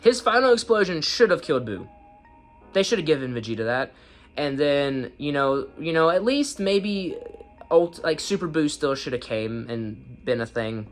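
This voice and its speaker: A man giving a casual, rambling anime episode review in slangy talk, often breaking into high-pitched laughs. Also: expressive, moderate pace, faint music behind.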